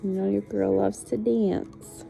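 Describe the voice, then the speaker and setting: A woman's voice: medium pitch, little pitch movement, slow, creaky, mellow, soft background music. A woman in her late thirties talking candidly in a casual home vlog, venting her frustration. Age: late 30s. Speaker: fasting vlogger. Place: at home, in bed.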